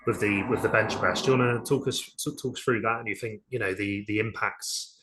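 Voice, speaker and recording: A man with a very low voice co-hosts a relaxed podcast. He agrees readily and asks short questions to move the talk along. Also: a little fast, a loud crowd. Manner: supportive, agreeing with many short backchannels. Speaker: podcast co-host. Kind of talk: casual podcast chat.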